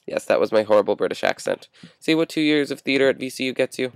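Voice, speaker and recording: A man's voice: medium pitch, lively intonation, fast talker, no echo. Chatty young man hosting a vlog. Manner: chatty, rambling with restarts and asides. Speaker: vlog host. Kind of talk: casual news commentary vlog.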